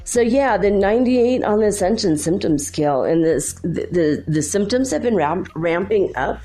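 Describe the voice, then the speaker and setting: Over soft background music, this host, a woman with children, talks in a dark-toned, medium-pitched voice at normal speed and with animation. She rambles casually for a long stretch, telling personal stories with plenty of fillers, false starts and frequent laughter.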